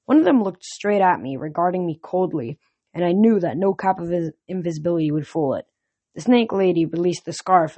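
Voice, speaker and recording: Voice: medium pitch, darkish tone, no room sound. A reader narrating a novel chapter aloud, then chatting casually with fillers afterwards.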